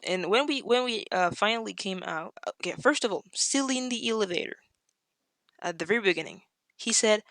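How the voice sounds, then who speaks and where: A woman, a podcast guest, tells a story in a casual chat and acts out the quotes with sudden leaps in pitch. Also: expressive, fairly quick, a bit bright, no echo, clean studio sound.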